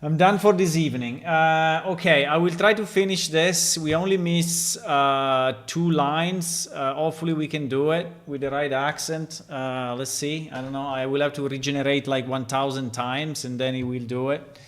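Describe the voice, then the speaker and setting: A man's voice: on the high side, fairly even intonation, moderate pace, a bit bright. A man, a game developer, giving casual live-stream commentary and thinking aloud as he tests and reacts to recorded game lines.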